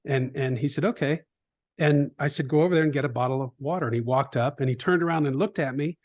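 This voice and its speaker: A middle-aged man in a conversational interview, an animated storyteller who acts out quoted voices, with frequent restarts. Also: medium pitch, fast. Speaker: trading educator, guest.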